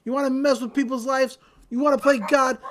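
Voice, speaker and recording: A woman's voice: fairly high pitch, expressive, a little slow, very noisy. A woman voicing a jaded male cartoon love god who talks in an exasperated, whiny way. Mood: fed up.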